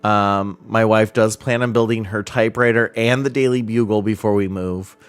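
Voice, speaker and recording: A man in his thirties chatting casually on a live stream, heartfelt and halting, with frequent fillers and restarts. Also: lowish voice, steady tone, smooth.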